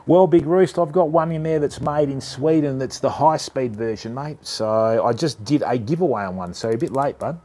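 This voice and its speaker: A man's voice: medium pitch, moderate pace, few pauses, warm tone. Chatty man livestreaming about reels. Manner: chatty, matey, addresses chat as mate and fam. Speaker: livestream host of a fishing channel. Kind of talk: casual livestream chat with viewers.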